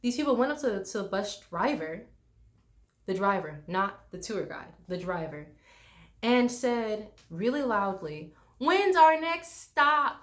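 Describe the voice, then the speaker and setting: A woman's voice: medium pitch, animated, measured pace. A young woman from the United States, a travel vlogger, ranting bluntly and swearing freely, mocking people with put-on voices. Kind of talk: casual ranting vlog.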